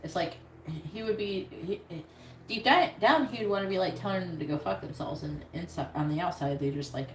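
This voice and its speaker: Woman, tarot reader, low voice, casual and blunt, echoey room, background noise. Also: a little fast. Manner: casual, blunt, swears freely. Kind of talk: live tarot reading stream.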